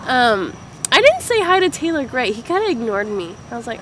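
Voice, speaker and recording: High-voiced giggly young woman chatting. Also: fairly quick, a little hiss or hum. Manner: giggly, excitable storytelling. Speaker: podcast co-host. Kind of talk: casual chat.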